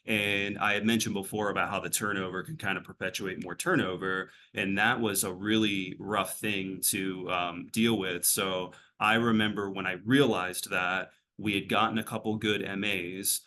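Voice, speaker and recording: A man's voice: sits low, fairly even intonation, normal speed, few pauses, pushed and bright, a little hiss or hum. A man working as a behavioral health clinician, answering interview questions in a rambling, casual way, full of fillers and restarts.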